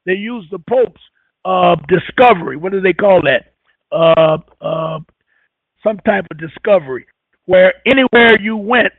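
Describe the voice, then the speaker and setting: A man hosting a radio talk show, rambling and halting as he repeats words while searching for them. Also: high voice, dry recording. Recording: tinny phone-like radio audio.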